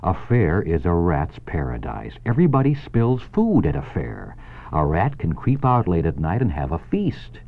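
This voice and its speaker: A man's voice: sits low, huge pitch swings, moderate pace, heavily acted. A man doing a coaxing old sheep. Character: old sheep, knowing and persuasive. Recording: tinny phone-like line.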